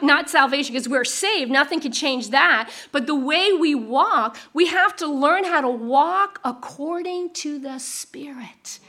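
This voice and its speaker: A middle-aged woman preaching a sermon, moving between teaching and lively storytelling with emphatic repetition. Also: sits high.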